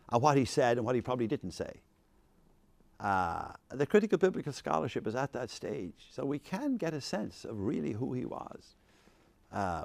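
A man leading a faith discussion with an audience, rambling and animated, laughing often and restarting his sentences. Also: medium pitch, vocal fry, no echo. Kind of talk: informal talk with audience questions.

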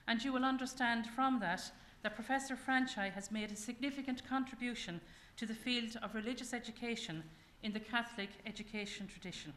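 A woman's voice: on the high side, a little fast, few pauses, a bit bright. A woman hosting an event, giving a formal and gracious welcome speech. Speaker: event host. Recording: echoey room with faint ambient noise.

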